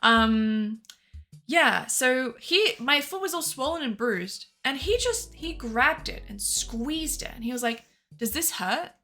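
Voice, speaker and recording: A woman's voice: high voice, animated, slow pace, bright, forceful tone, soft background music. A woman streamer telling a story in casual chat, rambling with fillers and laughs.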